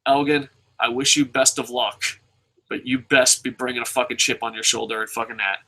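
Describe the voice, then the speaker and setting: A man's voice: medium pitch, flat delivery, fairly quick, pushed and bright, low-quality recording. A man hosting a solo podcast, giving heated, profane opinions and repeating phrases for emphasis. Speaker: podcast host reviewing wrestling.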